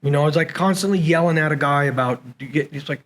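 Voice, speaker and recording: A man with a fairly high speaking voice tells stories from his military leadership days. He is animated and slips into the voices of the people he quotes. The tone is relaxed conversation in a podcast interview. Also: fast, poor audio. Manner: animated storyteller who acts out quoted dialogue. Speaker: podcast guest and former SEAL leader. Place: conference venue.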